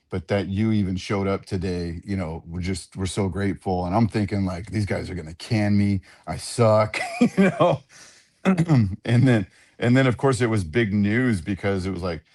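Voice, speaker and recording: A man with a low, deep voice tells stories in a casual radio interview. He is animated and self-deprecating and often repeats words as he goes. He is an octagon announcer talking about his work. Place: radio studio.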